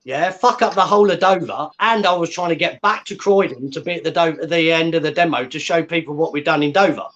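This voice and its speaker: A man's voice: fairly high pitch, a little fast, hardly any pauses, a bit bright, highs cut off. A man on an online call, ranting angrily and swearing constantly, punctuating points with "yeah?". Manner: swearing, combative, repeats "yeah?" for emphasis. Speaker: guest. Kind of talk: angry ranting on a livestream.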